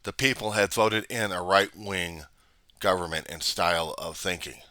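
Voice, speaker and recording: A man's voice: low-pitched, normal speed, sharp tone, no echo. A man giving a political commentary monologue in an argumentative way, full of rhetorical questions. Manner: argumentative, rhetorical questions, acts out both sides. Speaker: vlogger.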